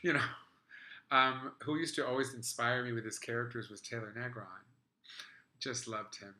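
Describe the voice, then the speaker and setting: A man's voice: mid-range voice, fairly even intonation, normal speed, sharp tone. A man hosting a podcast in casual chat, rambling with lots of fillers. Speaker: podcast host. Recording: roomy echo.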